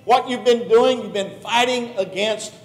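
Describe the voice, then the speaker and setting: A man's voice: extremely high pitch, a little slow. A preacher voicing Jesus as a stern but patient man calling from heaven, with firm, rebuking questions. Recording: echoey hall recording.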